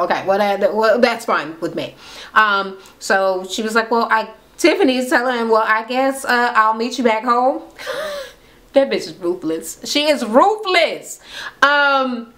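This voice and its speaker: A woman's voice: mid-range voice, fairly bright tone. A woman casually recapping a reality show, swearing freely and acting out everyone's lines in different voices. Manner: profane, acts out quotes in varied voices. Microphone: camera mic.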